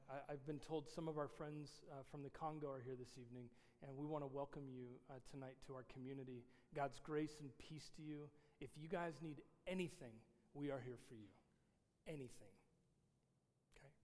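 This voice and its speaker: A pastor with a slightly mellow, medium-pitched voice preaches informally, his conversational sermon loaded with fillers. The church sanctuary adds long, large-hall reverb.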